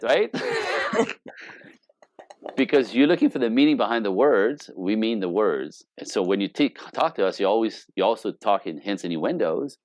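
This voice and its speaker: A man with a fairly low voice that swoops up and down as he talks. He is a relationship coach in a casual interview, an animated, joking storyteller. The sound is dry and close. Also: normal speed, no room sound. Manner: animated, joking storyteller who acts out quoted dialogue.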